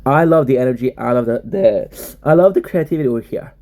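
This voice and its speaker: A man's voice: mid-range voice, lively intonation, a little fast, warm tone. A man streaming and chatting casually, joking around in profane, rambling banter. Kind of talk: casual chat.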